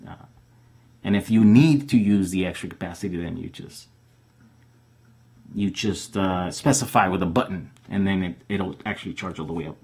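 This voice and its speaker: A man with a somewhat low voice hosts a live question-and-answer stream. He talks loosely and casually, with lots of fillers and restarts as he works through viewer questions. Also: darkish tone, breathy edge.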